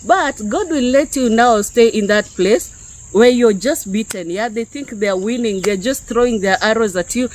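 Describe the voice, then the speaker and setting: A woman's voice: fairly high pitch, moderate pace, a little mellow, poor audio. Woman from Kenya, online preacher, unscripted and chatty, keeps asking "okay?". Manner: conversational, peppered with "yeah?" and "okay?". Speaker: YouTube preacher. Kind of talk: unscripted spiritual teaching to viewers.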